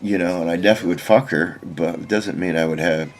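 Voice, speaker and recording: Gravelly low-voiced man ranting. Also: fast talker, slight background noise. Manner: rambling, swears constantly, many "you know" fillers. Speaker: vlogger reacting to videos. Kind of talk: rambling profane monologue. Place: living in China.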